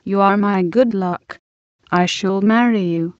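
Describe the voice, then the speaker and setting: A woman reading aloud the lines of a self-assured middle-aged man in a storybook, calm and assured. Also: mid-range voice, a little slow, no room sound, lightly acted. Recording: dull lo-fi recording.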